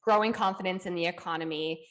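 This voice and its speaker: A woman co-hosting a casual podcast, speaking in a measured, reflective way with casual "you know" fillers. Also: fairly low pitch, a bit bright. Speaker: podcast co-host.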